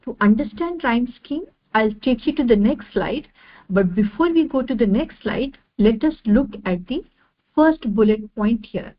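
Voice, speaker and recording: A woman giving an online lecture over slides, measured and repeating each definition step by step. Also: a little high, lively intonation, highs cut off.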